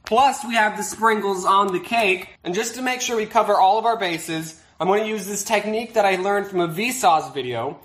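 A man's voice: sits high, moderate pace, few pauses, fairly bright tone. A man vlogging as a YouTuber, joking and talking in a mock-sincere way. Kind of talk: casual vlog.

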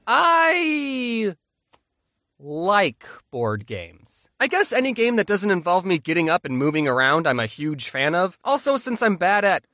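A man narrating a comedic story with a bright, crisp tone and a lively, bouncing pitch. His delivery is deadpan and self-deprecating, recorded dry and close with no room sound. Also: moderate pace, hardly any pauses, no echo. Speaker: animated storyteller.

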